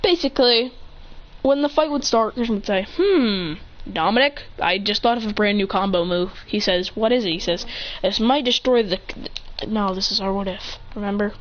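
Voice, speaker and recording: A woman improvising a fan story while gaming, rambling, correcting herself and getting excited as she jumps between characters' lines. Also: medium pitch, normal speed, a little hiss or hum. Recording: dull lo-fi recording.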